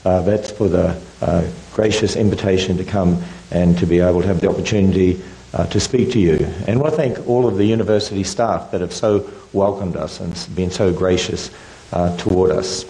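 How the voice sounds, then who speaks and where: A man's voice: low-pitched, warm tone, low-quality recording. An older man with an Australian accent, giving a public lecture as guest speaker in a joking, conversational way. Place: university lecture room.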